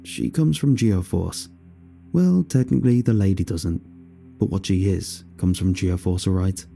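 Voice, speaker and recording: A man voicing a gruff bearded truck driver. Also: sits low, a little slow, warm tone, soft background music. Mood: blunt. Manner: blunt, swearing, matter-of-fact. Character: gruff bearded male truck driver, mid-thirties, blunt.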